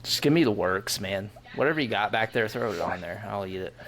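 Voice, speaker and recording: A man's voice: lowish voice, expressive, fairly quick, fairly bright tone, slight background noise. A man from Ohio co-hosting a casual podcast chat, teasing the others in an easygoing way. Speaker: podcast co-host.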